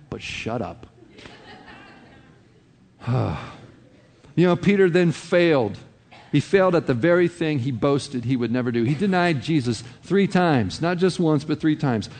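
Male pastor, slightly higher voice, sermon in a big reverberant hall, chatty asides. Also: darkish tone. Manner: conversational preaching with many "you know" asides.

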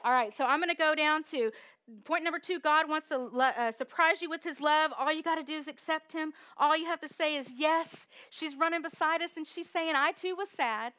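A woman preaching a sermon with energetic call-and-response exhortation. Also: high-pitched, a little fast.

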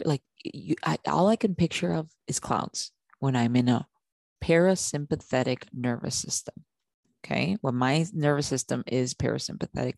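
A woman's voice: a bass voice, moderate pace, creaky, darkish tone, no echo. A woman hosting a talk for mothers, repeating her points and checking in with an "okay?" as she goes. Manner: repeats herself, says okay often; often stops and restarts sentences. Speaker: podcast host.

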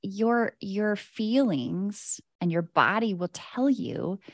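Podcast host, female, upbeat and bubbly, mid pitch, dry close recording. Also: takes it slowly, dry recording. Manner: excitable, bubbly, motivational. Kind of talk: casual chat.

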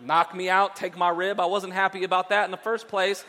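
A petulant, self-pitying man whines about his lot in a high, strained voice, played by a male preacher. He complains loudly and fast. It rings out through a big reverberant church hall. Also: little pitch movement, slight background noise. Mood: exasperated. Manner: high, whining, exasperated complaint. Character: whiny adult man blaming his wife, playing Adam.

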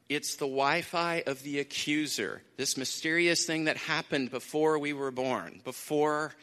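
A man preaching a sermon in a conversational way, repeating phrases for emphasis, with lively asides. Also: mid-range voice. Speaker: pastor. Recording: long hall reverb.

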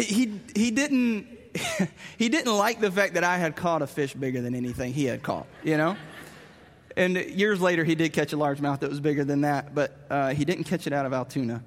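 A man telling a story with animated, self-mocking humor as part of a sermon. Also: on the high side. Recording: long reverb of a large hall.

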